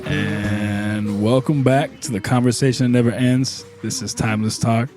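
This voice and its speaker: A man's voice: medium pitch, steady tone, moderate pace, over music. A man hosting a casual podcast chat, upbeat and joking, laughing often between lines. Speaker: podcast host.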